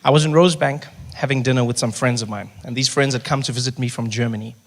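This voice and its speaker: A man with a South African accent doing stand-up storytelling, animated, rushing through bursts of nervous self-talk. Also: mid-range voice. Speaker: stand-up comedian. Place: stage before a live audience. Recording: noisy live stage recording.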